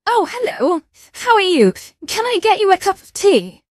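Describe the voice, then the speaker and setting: A woman's voice: very high-pitched, sing-song, normal speed, no echo, clean studio sound, pitched above the performer's own voice. A woman voicing a posh, fawning tea-shop maid who calls the guest darling in an affected, sing-song way.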